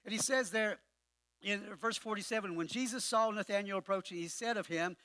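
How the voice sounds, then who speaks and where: Guy pastor giving a chatty sermon, kinda high bright voice, trips over his words a lot, dry sound. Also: fairly quick, no echo. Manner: conversational with frequent word repetitions; wry humorous asides.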